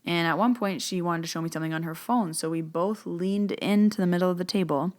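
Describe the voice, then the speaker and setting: A woman's voice: on the low side, a little fast. A woman hosting a podcast, telling stories casually and acting out both sides of past conversations, with frequent "like" and "um" fillers. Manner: retells events with quoted back-and-forth dialogue. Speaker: podcast host and spiritual medium. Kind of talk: casual storytelling monologue.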